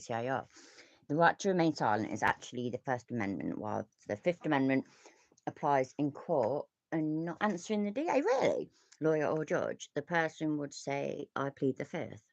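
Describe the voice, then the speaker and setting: A woman's voice: a bass voice, no room sound, muffled recording. A British woman hosting a live reaction stream, chatty and sweary with laughing asides. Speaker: livestream host reacting to videos. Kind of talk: casual live reaction commentary.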